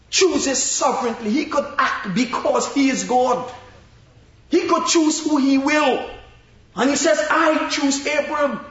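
Slow, echoey high-voiced male preacher. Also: fairly bright tone. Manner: slow, emphatic preaching with long pauses. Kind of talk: sermon. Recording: very echoey, dull-sounding room.

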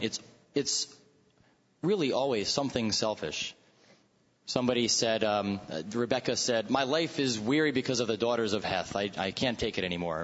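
Low-ish guy in a bible study, thinking out loud, kinda muffled, big echoey hall. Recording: dull recording with long hall reverb.

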